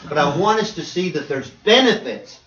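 A preacher reads scripture to his congregation and acts out quoted figures, lifting his voice to drive points home. His fairly high, fairly bright voice swings widely in pitch at a moderate pace, and the church-hall audio sounds roomy, distant and dull.

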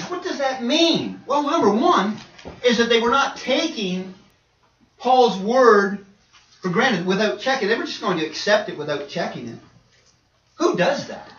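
A middle-aged man preaching a sermon, swinging between quiet asides and loud, emphatic points. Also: high-pitched. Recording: roomy, distant and dull with faint noise.

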